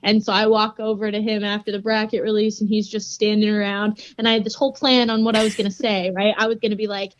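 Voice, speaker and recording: A woman's voice: mid-range voice, quick pace, few pauses, no room sound, lo-fi sound. A young woman guest telling a story in a casual, giggly way, full of "like". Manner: giggly, animated, says "like" a lot. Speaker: podcast guest, grappler.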